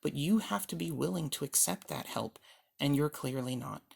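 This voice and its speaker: A man's voice: fairly high pitch, moderate pace, vocal fry. A man playing a condescending male psychiatric doctor who lectures a patient, in an amateur one-man reenactment. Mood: lecturing. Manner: lecturing, scolding, bureaucratic.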